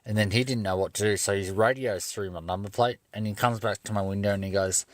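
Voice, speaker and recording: Young bloke ranting a story from his car, lots of swearing, lowish voice, dry sound. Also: quick pace, hardly any pauses, dry recording. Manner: profane, animated storyteller. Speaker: livestreamer. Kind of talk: casual storytelling on a livestream. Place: parked car.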